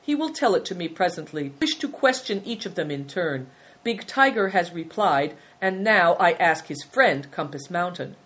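A woman voicing a kindly, wise old male abbot who speaks calmly and benignly. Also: fairly low pitch, slightly rough, low-quality recording. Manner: calm, benign, unhurried.

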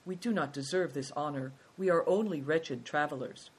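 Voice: mid-range voice, moderate pace, breathy edge, lightly acted. A reader voicing a shrewd, touchy male traveler. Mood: formal. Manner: curt, formal. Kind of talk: storybook reading.

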